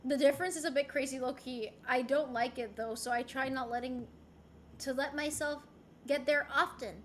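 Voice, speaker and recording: High bright young woman streamer, candid chat. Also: fairly even intonation, normal speed, a little hiss or hum. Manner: candid, swears freely, rambling with restarts. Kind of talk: casual chat. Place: home.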